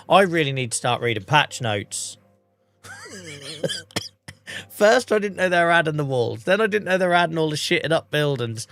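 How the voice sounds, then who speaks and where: Chatty English streamer with a cold. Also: male voice, fairly high pitch, animated, normal speed, creaky, pauses often, a bit bright, soft background music. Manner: chatty, rambling, self-mocking. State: under the weather, coughing. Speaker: livestreamer. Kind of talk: casual gameplay commentary.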